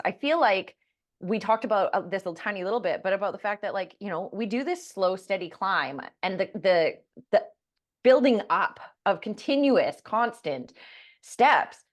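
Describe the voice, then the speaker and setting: Earnest mid-pitched woman podcaster. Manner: earnest storytelling, swears casually. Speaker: podcast co-host. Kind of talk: casual chat.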